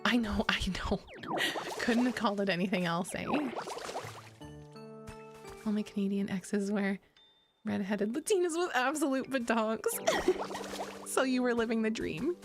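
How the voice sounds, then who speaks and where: Giggly gravelly woman streamer. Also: fairly high pitch, a little slow, long pauses. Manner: chatty, giggly, rambling with restarts. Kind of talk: casual gaming stream chat. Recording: clear game music underneath. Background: game music.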